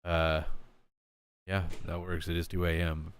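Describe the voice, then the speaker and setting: A man's voice: deep voice, flat delivery, measured pace, slight background noise. A young man hosting a podcast in casual chat, rambling and swearing, often laughing. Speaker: podcast host.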